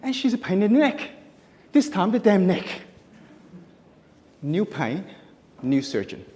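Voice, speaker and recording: A man's voice: high voice, big pitch swings, unhurried, warm tone. A man giving a humorous stage speech at a contest, punchy and self-mocking with tight comic timing. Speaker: contest speaker. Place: stage in a conference hall. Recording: echoey hall.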